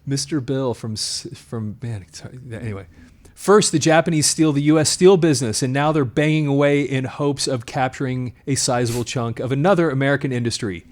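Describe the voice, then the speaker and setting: A man co-hosting a podcast in casual chat, reading an old article aloud and stopping to comment in animated asides. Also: mid-range voice, a little fast. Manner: reads quotes then breaks off to comment, animated asides. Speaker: podcast co-host.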